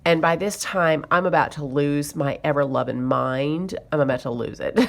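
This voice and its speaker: Her voice sits low and gravelly, and she speaks at a measured pace. As a budgeting vlogger chatting to camera, she tells a story with exasperation and plenty of fillers.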